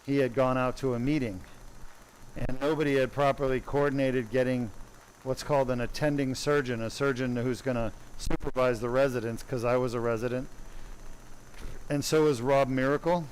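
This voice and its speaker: A man's voice: medium pitch, steady tone, moderate pace, darkish tone, slight background noise, poor audio. A man, a neurosurgeon, telling a long anecdote on a livestream in a conversational, digressive way. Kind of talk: storytelling on a livestream.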